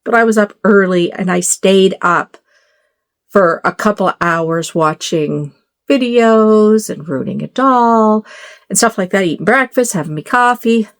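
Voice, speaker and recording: A woman's voice: mid-range voice, unhurried. A middle-aged woman chatting casually to her phone camera in a bedroom at home, rambling with lots of fillers and asides. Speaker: doll collector vlogger.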